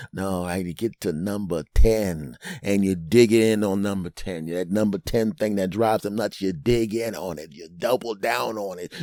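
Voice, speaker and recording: A man's voice: deep voice, a little mellow, dry recording, studio quality. A man hosting a comedic podcast monologue, rambling through jokey asides and often tossing in a "right?". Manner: rambling, keeps asking "right?". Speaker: podcast host.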